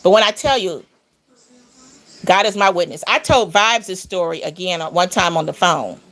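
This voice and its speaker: Woman w a bit of vocal fry just rambling thru a story, AAVE, gets animated on the big parts. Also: moderate pace. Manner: animated, rambling, rising pitch on emphasis. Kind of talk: casual storytelling.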